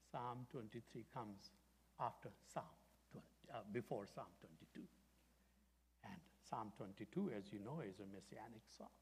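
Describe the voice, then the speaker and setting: An older man preaching a sermon as pastor, dramatic and storytelling, dropping from loud emphasis to hushed whispers. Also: mid-range voice, slightly rough. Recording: long echoing hall reverb.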